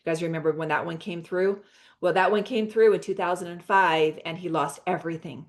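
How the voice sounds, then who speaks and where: An American woman with a somewhat low voice pitches skincare products on a video call. She talks eagerly and loosely, stumbling and restarting as she goes. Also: steady tone, fairly quick. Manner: chatty, many fillers and restarts. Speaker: host of a product presentation call.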